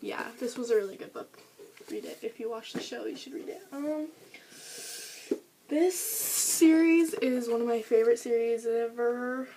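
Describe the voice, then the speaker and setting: A woman's voice: a little high, normal speed, mellow, slight background noise, rough recording. A teenage girl chatting eagerly about her favorite books, with lots of fillers, recorded on a camera mic. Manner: gushing, chatty, many fillers. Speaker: book vlogger. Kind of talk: casual book review vlog.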